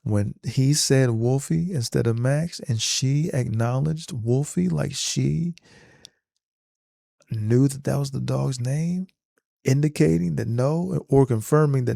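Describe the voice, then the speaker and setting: A man casually retelling a movie scene in an animated, slangy storytelling manner. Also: medium pitch, takes it slowly, vocal fry, no echo, studio quality. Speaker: vlogger.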